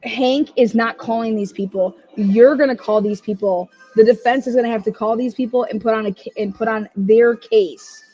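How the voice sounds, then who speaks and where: A woman's voice: a little high, steady tone, moderate pace, hardly any pauses, warm tone, highs cut off, faint music behind. A woman hosting a true-crime livestream, ranting angrily and swearing heavily as she gives her commentary. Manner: angry, profane ranting. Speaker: livestream host.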